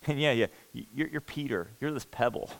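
A man preaching a sermon, earnest and emphatic, moving between loud stress and hushed intensity. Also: mid-range voice, fairly quick, creaky, low-quality recording. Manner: earnest, emphatic, repeats words when stressing a point.

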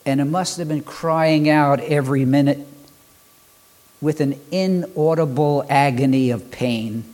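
A man preaching a sermon, building rhythmic lists and pausing for dramatic effect. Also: a little high, a little mellow. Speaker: pastor.

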